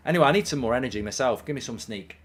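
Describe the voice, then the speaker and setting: A man's voice: mid-range voice, expressive, racing. Chatty man hosting a live stream. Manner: chatty, reads chat messages aloud, frequent ums. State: hiccups. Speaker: watchalong streamer. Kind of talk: casual live-stream chat.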